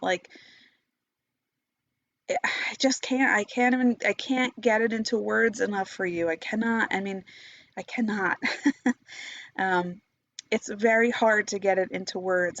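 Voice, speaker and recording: This woman meditation teacher speaks in a mid-range, steady, slightly bright voice at an unhurried pace, though her unscripted monologue is impassioned, full of swearing and restarted sentences. It was captured as a dull, dry, lo-fi recording without echo.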